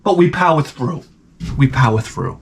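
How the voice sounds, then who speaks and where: A man telling a rambling, profane comic story with deadpan asides, as a vlogger. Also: mid-range voice, normal speed, creaky, slight background noise.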